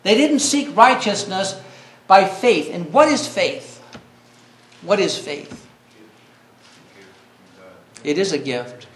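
A man's voice: high-pitched, sing-song, slow, pauses often, echoey room. A man preaching a sermon earnestly, reading scripture and rising to cries when he quotes.

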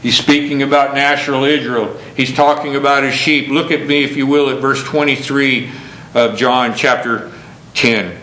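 A man preaching a sermon, earnest, swinging from emphatic questions down to low, slow passages. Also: fairly even intonation, bright, forceful tone, roomy sound, a little hiss or hum, poor audio.

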